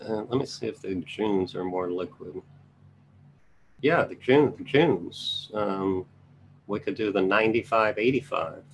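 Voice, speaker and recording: A man with a low, gravelly voice talks offhandedly through option trades, thinking aloud and tossing quick asides to viewers. A faint hum sits under the recording. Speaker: trading educator reviewing charts. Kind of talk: casual live market commentary.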